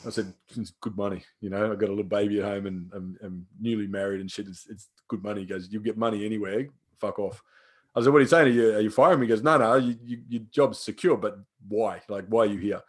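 A man's voice: lowish voice, fairly even intonation, fast talker, husky. A young man, a personal trainer, telling stories in casual chat, swearing freely and acting out the lines of people he quotes.

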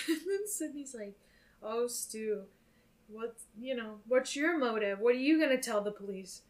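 A young woman co-hosting a podcast, casually recapping a film in an animated, profane way. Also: on the high side, measured pace. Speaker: podcast co-host.

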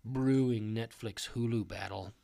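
Gravelly-voiced joking man, casual chat. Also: lowish voice, a little slow, dark tone, dry recording. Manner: joking, rambling, laughs often. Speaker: podcast co-host.

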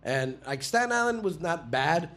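A man from Texas talks casually as a podcast guest, a comedian with a slightly higher voice. He rambles and pads his sentences with filler words. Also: big pitch swings, moderate pace, a bit bright.

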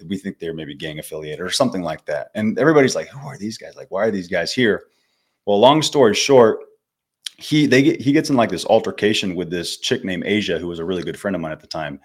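A man in his twenties with a notably deep voice tells a story as a podcast guest. His delivery is casual and easygoing, full of swearing and slang like dude and bro. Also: animated, fast talker, slightly rough. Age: 20s. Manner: laid-back, swears freely, says dude and bro.

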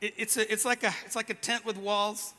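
Male preacher, very high and bright, loose joking delivery, reverberant venue. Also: level tone, fairly quick, a little hiss or hum. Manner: casual, joking storyteller with restarts. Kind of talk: sermon. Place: large event venue with a band.

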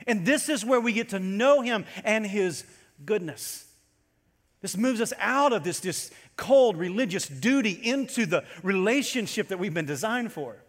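A man preaching a sermon to his congregation as pastor, animated and storytelling as he goes. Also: sits high, unhurried, big-room sound.

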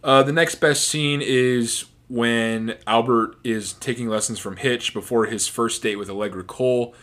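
A man's voice: mid-range voice, fairly even intonation, a little slow, a bit bright. A man in a casual commentary, talking about his favorite film scenes in a rambling, chatty way with restarts. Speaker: movie reviewer.

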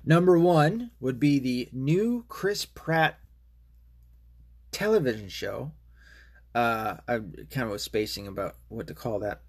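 Man, podcast host, casual monologue, swearing, rambling, mid-pitched voice. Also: expressive, takes it slowly. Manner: ranting, profane, rambling.

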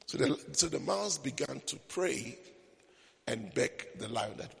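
A man's voice: medium pitch, sing-song, a little slow, gravelly, slightly rough. A male preacher telling a story in a sermon, with joking asides to the congregation, at a church service with a long hall reverb.

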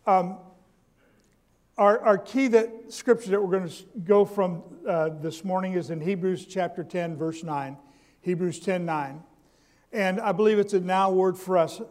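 A man preaches in a high voice, measured in pace and darkish in tone. His sermon features calls to the congregation for response, stammering restarts, and repeated key lines.

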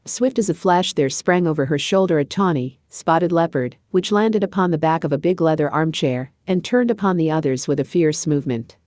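A woman reads a children's storybook aloud in an even, measured way. Her voice is low, and the recording is dry and close. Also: dry recording. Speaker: narrator. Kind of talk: scripted storybook narration.

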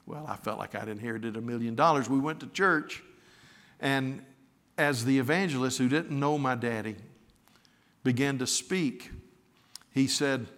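An older man preaching a sermon, moving from a tender, emotional story to fervent appeals to the congregation. His voice sits at an ordinary middle pitch and carries a long reverb, as if it were filling a large hall. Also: unhurried, pauses often, fairly bright tone.

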